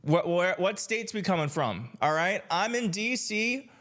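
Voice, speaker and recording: A man from Michigan hosting a political live stream, chatting casually and excitedly with his viewers. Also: sits high, unhurried. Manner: upbeat, hyped, addresses chat directly, laughs often. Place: home setup in D.C.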